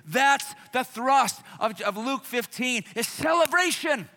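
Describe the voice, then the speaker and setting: A male pastor with a high, ringing voice delivers a sermon in a church sanctuary. He preaches emphatically, repeating his phrases as he builds toward shouts. His voice carries a long reverb off the room. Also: lively intonation, takes it slowly, hardly any pauses.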